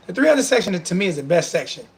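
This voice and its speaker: Brief: male sports talk host, high gravelly voice, emotional and sarcastic. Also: fast. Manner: emotional, animated, sarcastic, repeats himself.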